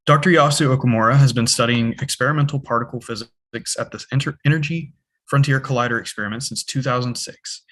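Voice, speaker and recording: A man's voice: medium pitch, fairly bright tone. A young man, a student host, introducing the speaker of an online physics talk with occasional "um"s. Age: young adult.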